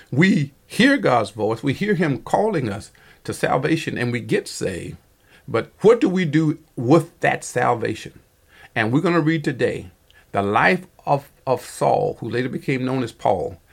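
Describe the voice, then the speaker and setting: Gravelly husky pastor preaching haltingly. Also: male voice, medium pitch. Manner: halting delivery, frequent fillers and self-corrections; earnest, rising emphasis on exhortations. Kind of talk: radio-style sermon with Bible study.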